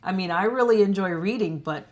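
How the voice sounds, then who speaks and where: A woman's voice: mid-range voice, fairly quick, darkish tone. A woman co-hosting a travel vlog, chatting casually to the camera and laughing often between her phrases. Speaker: co-host of a retirement travel channel.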